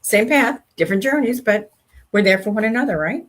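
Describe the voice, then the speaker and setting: An older woman co-hosting a faith-based talk show, chatting casually and telling animated stories with acted-out dialogue. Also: fairly high pitch, fairly quick. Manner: animated storyteller, acts out quoted speech. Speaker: co-host.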